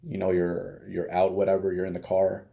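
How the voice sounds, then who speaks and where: A man's voice: deep voice, completely flat delivery, normal speed, creaky, narrow, tinny audio. A man giving casual dating advice as a coach, blunt and profane, with many fillers.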